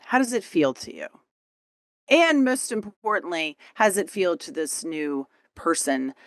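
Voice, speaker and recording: Middle-aged woman coach, lively swooping pitch, enthusiastic, dry close sound. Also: no echo. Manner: enthusiastic, upbeat, animated. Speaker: coach and podcast guest. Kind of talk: casual interview chat.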